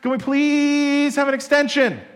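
A man's voice: fairly even intonation, measured pace. A preacher putting on a whiny pleading college freshman. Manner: high, begging, loud.

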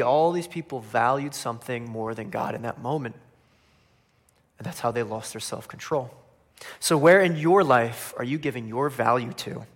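A man preaching a sermon, animated, acting out voices of people he speaks of and dropping quietly at line ends. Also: medium pitch. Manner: animated, acts out quoted voices of biblical figures; swings between loud emphasis and quiet, dropping line ends. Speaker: pastor.

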